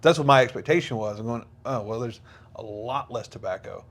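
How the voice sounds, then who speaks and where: A man's voice: medium pitch, brisk, fairly bright tone. A man who is a guest on a podcast, making wry remarks and chiming in with short comments. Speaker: guest, pipe-smoking YouTuber. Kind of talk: casual interview chat.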